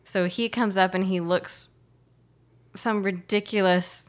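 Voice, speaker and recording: Speaking slowly at a medium pitch, this woman co-hosts a podcast. Her casual conversation is full of giggles, and she tells her stories in a lively, animated way.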